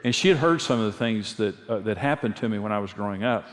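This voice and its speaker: A pastor and marriage speaker delivers a conversational sermon, earnestly sharing personal stories and repeating his key phrases. His voice is on the low side, expressive and quick. A large hall's long reverb surrounds him.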